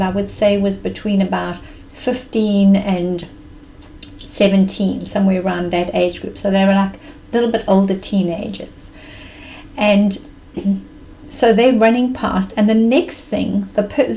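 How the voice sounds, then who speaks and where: A woman recounts a personal story in a warm, mellow voice, animating it with vivid present-tense retelling. There is a faint hiss under her close-miked voice. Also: mid-range voice, low-quality recording.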